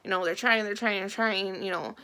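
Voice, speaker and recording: A young woman telling her own story to camera in a soft, halting way, holding back tears. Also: mid-range voice, steady tone, clear, resonant tone. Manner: soft, halting, emotional, with many pauses and fillers. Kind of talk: personal testimony to camera.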